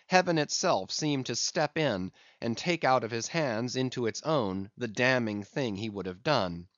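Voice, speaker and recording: Male audiobook narrator, lively and expressive, dry close sound, dull lo-fi. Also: mid-range voice, no room sound. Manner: expressive, storytelling. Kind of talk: scripted narration of a classic novel.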